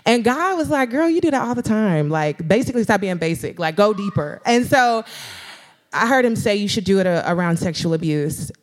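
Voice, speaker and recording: Woman, young adult, guest speaker, live stage conversation, casual slangy storytelling, acts out quotes, mid-pitched. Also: brisk. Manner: animated, quotes herself and others in lively put-on voices; casual, slangy speech with frequent "like" and "girl". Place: live stage event before an audience.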